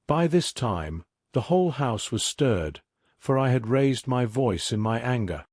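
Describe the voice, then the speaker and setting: A man narrates a classic mystery as a sleep story, in a measured, even reading. His mid-range voice is recorded close and dry, with no room sound. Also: mid-range voice, husky, dry recording. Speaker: audiobook narrator.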